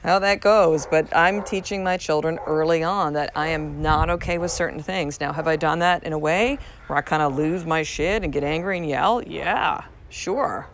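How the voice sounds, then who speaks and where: A woman in her thirties hosts a casual motivational podcast from home on a podcast mic, speaking frankly, repeating herself for emphasis and swearing casually. Her voice is low, her speed normal, with hardly any pauses and a little hiss or hum.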